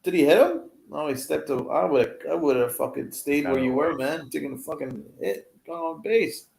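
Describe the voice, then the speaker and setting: A man with a rough, gravelly voice calls pitches over a live game from home. His delivery is casual and blunt, and he curses when his team struggles. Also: moderate pace, a little mellow. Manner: calls pitches, swears in frustration. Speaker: live watch-along co-host calling the pitches.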